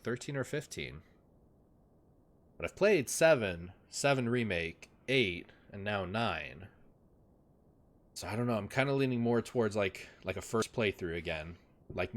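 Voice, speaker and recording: A young man chatting casually on a live game stream at his desk at home, rambling with lots of fillers and talking sweetly to his dogs. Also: deep voice.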